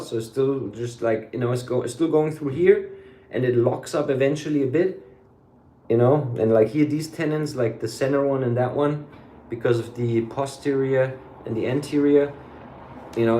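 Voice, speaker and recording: A man's voice: mid-range voice, mellow, a little hiss or hum. A man in a casual, rambling vlog monologue, swearing freely and dropping German phrases. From United States. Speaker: vlogger. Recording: echoey room.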